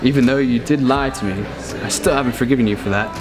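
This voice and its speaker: Earnest young groom over music. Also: male voice, mid-range voice, fast. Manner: tender and earnest. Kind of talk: reading a letter and wedding vows.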